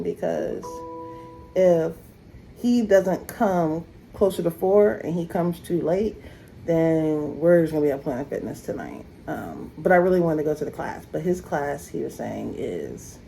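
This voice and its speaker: A woman's voice: gravelly, a little hiss or hum, rough recording. A young woman chatting casually to camera at home, laughing at herself and joking as she goes. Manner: animated, laughing at herself, swooping high when teasing. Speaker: vlogger. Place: at home, moving between rooms.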